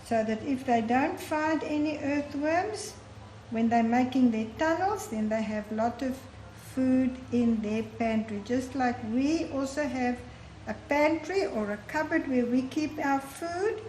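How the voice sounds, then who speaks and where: A woman tells children a Bible story at an unhurried pace, her voice sitting a little high. She is recorded in a roomy church hall. A faint hum sits underneath. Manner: slow, warm-toned teaching to children.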